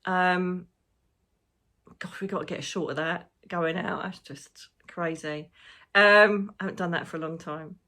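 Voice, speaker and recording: Rambling woman with a low voice. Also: fairly even intonation, normal speed, sharp tone. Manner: emotional, rambling, swears casually. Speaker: psychic medium. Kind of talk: casual spiritual monologue.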